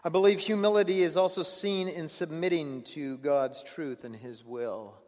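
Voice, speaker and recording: A man preaching a sermon as a pastor, in an earnest way, often stumbling over repeated words and moving between hushed passages and raised ones. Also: fairly high pitch, moderate pace, in a large hall. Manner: earnest, stammering restarts, swings between hushed and raised delivery.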